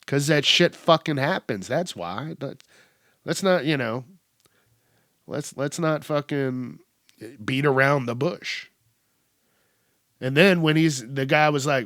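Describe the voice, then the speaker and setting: A young man hosting a podcast, retelling a news story in a profane, animated way and acting out the quotes. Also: medium pitch, slow pace, long pauses, dry recording, clean studio sound. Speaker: podcast host. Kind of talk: casual news commentary.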